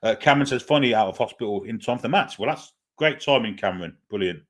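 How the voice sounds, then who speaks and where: A man's voice: lowish voice, lively intonation, quick pace. A man hosting a live football watchalong, chatting casually, hesitating with lots of fillers and reading viewer comments aloud before answering them. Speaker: host of a football fan watchalong stream. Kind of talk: casual live-stream chat and pre-match commentary.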